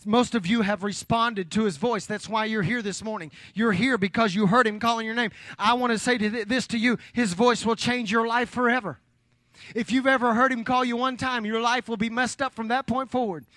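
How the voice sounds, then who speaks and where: A man preaching a sermon, building repeated phrases to loud peaks and dropping to hushed, near-whispered lines. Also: very high voice, steady tone, a little fast, no room sound, studio quality. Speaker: pastor.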